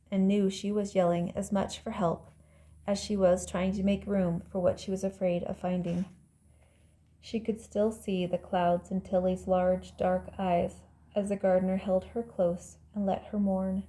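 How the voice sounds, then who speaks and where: A woman reading her own novel aloud as audiobook narration, calm and measured. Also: mid-range voice. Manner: calm, measured storytelling, voicing characters lightly.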